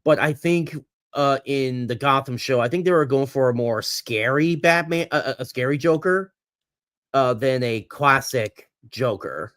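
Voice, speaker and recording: A man's voice: mid-range voice, a little slow, a bit bright, dry recording, clean studio sound. A man hosting a casual livestream chat, rambling and hesitant, with lots of ums and restarts and some laughing at himself. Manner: rambling, hesitant, full of fillers. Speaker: host.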